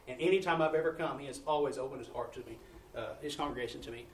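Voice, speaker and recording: A man's voice: mid-range voice, very fast, slight background noise. A man, a missionary preacher telling testimonies in a folksy sermon style, acting out the dialogue. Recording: echoey room, distant mic, faint ambience.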